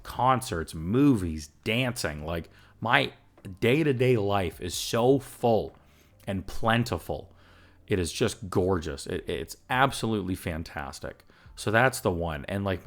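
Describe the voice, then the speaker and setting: A man hosting a solo recovery podcast, talking earnestly and with emotion in an upbeat, chatty way, with laughs and fillers. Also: on the low side. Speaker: recovery coach and podcast host.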